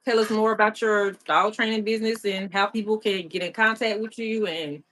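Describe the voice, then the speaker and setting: A woman's voice: mid-range voice, steady tone, brisk, fairly bright tone. A woman hosting a live-stream who asks questions in a chatty, informal way and giggles and teases herself often. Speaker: livestream host. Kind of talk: casual live-stream interview.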